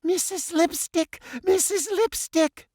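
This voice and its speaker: A man's voice: extremely high pitch, slow, darkish tone, no echo, studio quality, pitched above the performer's own voice. A man voicing a frightened, stammering young boy in an audiobook. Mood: panicked. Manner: stammering, panicked.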